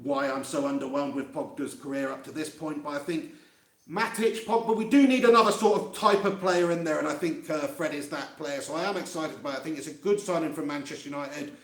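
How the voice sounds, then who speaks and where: Speaking a little high and a little fast, a man reads viewer comments, laughs often and chats casually while hosting a live fan reaction stream for his fan channel. The empty room he's in gives the recording an echo, and his handheld mic is right by his face.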